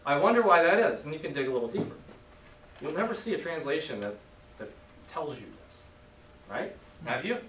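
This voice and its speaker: A man's voice: a little high, very animated, a little fast, pauses often. A man teaching a language class, patient and joking, leading his students in call-and-response drills. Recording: echoey room from far off, faint noise.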